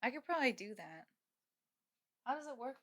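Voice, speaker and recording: A woman's voice: a little high, very animated, a little fast. A young woman live-streaming from home, chatting casually with viewers and laughing often. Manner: giggly, chatty, reads chat aloud.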